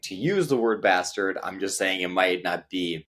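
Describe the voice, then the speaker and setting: Young guy explaining slang, low voice, lots of ums, careful. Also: a bit bright. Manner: measured, hesitant with frequent "um". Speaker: co-host of an English lesson. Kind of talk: casual conversational teaching.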